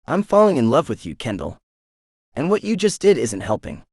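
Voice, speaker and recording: Easygoing flirty shifter guy, voiced by a man, lively teasing delivery, dry close mic. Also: mid-range voice, moderate pace, dry recording. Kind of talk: audiobook character voice.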